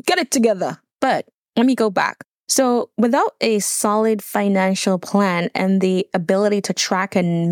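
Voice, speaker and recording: A woman's voice: medium pitch, no room sound, clean studio sound. A middle-aged woman with a Jamaican accent talks through prepared points on business money fears, often breaking off into personal asides. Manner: reads points then adds personal asides. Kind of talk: solo talk reading notes with asides.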